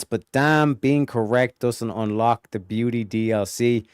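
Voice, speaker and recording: A man's voice: lowish voice, fairly even intonation, moderate pace, hardly any pauses, darkish tone, smooth, no room sound, clean studio sound. Profane, mocking male stream host. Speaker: livestream host. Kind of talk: casual chat reading viewer messages.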